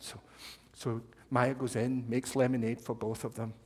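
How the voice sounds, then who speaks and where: A man tells a children's story at a service, lively and speaking directly to his young listeners. His medium-pitched voice trails off into the long reverb of a large hall. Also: normal speed, husky. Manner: warm, animated, talks directly to children. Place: church hall.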